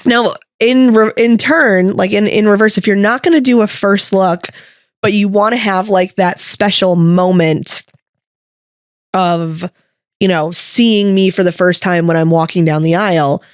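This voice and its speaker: A woman co-hosting a podcast as a wedding videographer, telling stories in an animated, casual way. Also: unhurried, dry recording, clean studio sound. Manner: animated storyteller, jumps up high when excited. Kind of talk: casual chat.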